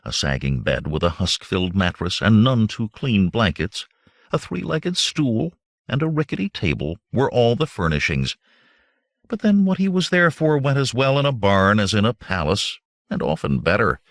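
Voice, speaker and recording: A man's voice: fairly low pitch, big pitch swings, normal speed, dry recording, clean studio sound. A man narrating a fantasy novel as an audiobook, reading dramatically. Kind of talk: scripted narration.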